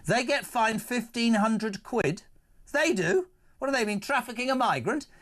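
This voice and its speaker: A man's voice: extremely high pitch, lively intonation, a little slow, a bit bright. A man in his sixties hosting live talk radio from a studio, with emphatic, incredulous delivery and sarcastic asides. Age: 60s. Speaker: radio talk show host. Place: broadcast studio.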